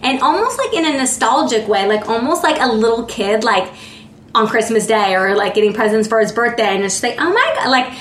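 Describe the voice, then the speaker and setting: A woman's voice: on the high side, brisk, fairly bright tone, slight background noise. A woman giving a casual tarot reading in a chatty way, often filling with "like" and searching for words. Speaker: tarot reader. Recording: roomy echo.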